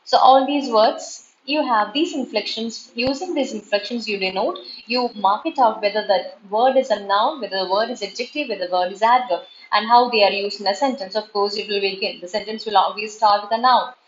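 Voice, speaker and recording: A woman's voice: medium pitch, a little fast, few pauses, a little hiss or hum. A woman giving an online class lecture, explaining things over and over and spelling out word endings letter by letter. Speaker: English literature lecturer. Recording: echoey room, dull lo-fi sound.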